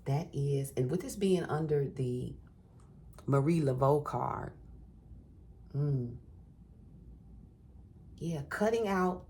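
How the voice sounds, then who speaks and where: Very deep husky woman reading tarot. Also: dark tone. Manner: encouraging, repeats phrases for emphasis, calls listener baby and honey. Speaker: tarot reader.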